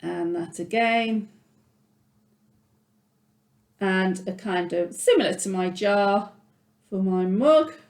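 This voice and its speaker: A patient, encouraging woman teaches a music lesson to children over video, explaining each step as she draws. Her voice sits at a middle pitch. The room around her has a noticeable echo. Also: slow, darkish tone. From England. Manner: encouraging, patient, talks through her drawing. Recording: echoey room.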